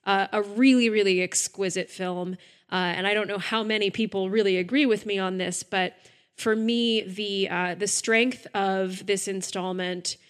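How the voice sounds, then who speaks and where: A woman's voice: mid-range voice, steady tone, measured pace. A woman co-hosting a podcast, chatting enthusiastically with frequent fillers. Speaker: podcast co-host. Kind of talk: casual podcast chat.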